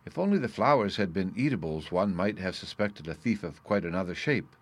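A man voicing a playful, witty young aristocratic woman in a bright, teasing, lightly mocking manner. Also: low-pitched, expressive, brisk. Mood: musing.

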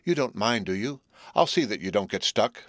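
A man's voice: fairly low pitch, lively intonation, moderate pace, no echo. A male reader voicing an easygoing young college man with a dry, offhand manner, in a storybook reading.

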